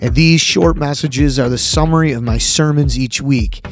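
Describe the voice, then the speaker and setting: A man who is a pastor, giving an earnest sermon summary for a podcast, slowing and dropping his voice on key words. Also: faint music behind. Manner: earnest, dramatic pauses, drops low on key words. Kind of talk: short recorded sermon summary.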